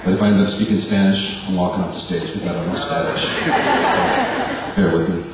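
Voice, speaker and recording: A man in his forties giving a halting, self-deprecating personal testimony to a church congregation. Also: low voice, huge pitch swings. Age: 40s. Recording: echoey hall from far off, faint hum.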